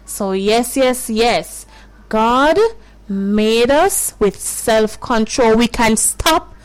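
A woman's voice: fairly high pitch, drawn-out words, clear, resonant tone, poor audio. A woman hosting a children's radio show, coaxing and preachy, repeating herself as she talks to the kids.

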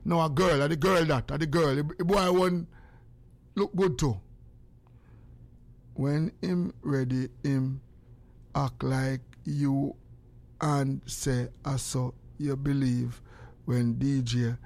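An older man with a Jamaican accent tells stories casually in a medium-pitched voice, speaking slowly with long pauses. He's animated, acting out the exchanges he quotes, and breaks into prayer.

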